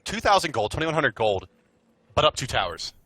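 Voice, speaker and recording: A man co-casting an esports match, giving quick color commentary with jokes and excitement on the plays. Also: a little high, no room sound. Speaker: esports caster.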